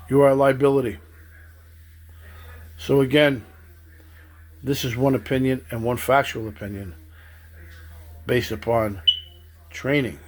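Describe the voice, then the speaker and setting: A man giving a stern political monologue, accusing and addressing people directly. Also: medium pitch. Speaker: political commentator.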